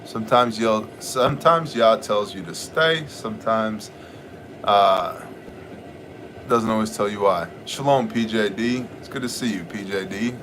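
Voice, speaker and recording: A man's voice: fairly low pitch, measured pace, fairly bright tone, a little hiss or hum. Man hosting a casual livestream. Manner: joking, greets viewers, shifts into Bible teaching. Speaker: livestream host. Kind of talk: casual livestream chat, reading viewer comments.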